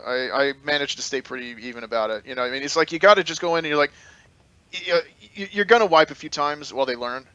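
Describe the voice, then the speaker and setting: A man chatting casually about leading game raids, talking quickly and stumbling over repeated words. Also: on the high side, bright, forceful tone, no echo, lo-fi sound. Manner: fast, stammering, easygoing talker. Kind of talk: casual gaming chat.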